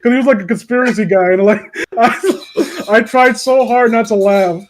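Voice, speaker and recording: Animated high-voiced young man. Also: normal speed. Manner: animated, laughs often. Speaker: podcast co-host. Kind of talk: casual group chat.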